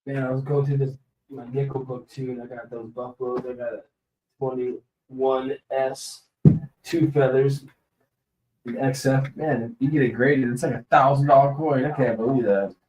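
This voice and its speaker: A man's voice: medium pitch, steady tone, moderate pace, darkish tone, slight background noise, low-quality recording. A man chatting casually on his own livestream, rambling and laughing often as he shows off coins. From US West Coast. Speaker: livestream host. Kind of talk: casual live-stream chat.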